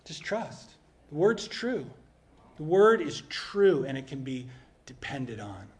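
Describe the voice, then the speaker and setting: A man preaching a conversational sermon, emphatic, swinging between loud and hushed passages. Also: fairly high pitch, sing-song, slow pace. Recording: roomy echo with faint background noise.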